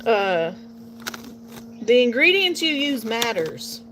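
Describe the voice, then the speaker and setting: A woman's voice: fairly high pitch, big pitch swings, slow pace, fairly bright tone, slight background noise, low-quality recording. Rambling woman in her thirties, folksy. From Portland, Oregon. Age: 30s. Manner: rambling, folksy, drifts into a playful southern drawl. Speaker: vlogger. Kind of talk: casual chat while crafting. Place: outdoors at home. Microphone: phone nearby.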